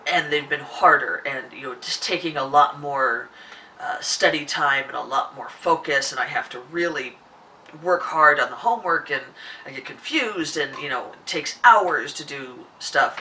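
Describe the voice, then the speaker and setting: Woman host, hoarse and husky from a sore throat, loose rambling chat, bright tone, distant mic. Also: slight background noise. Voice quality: husky, deeper than usual. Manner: rambling, with many restarts and ums. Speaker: podcast host. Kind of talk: casual chat.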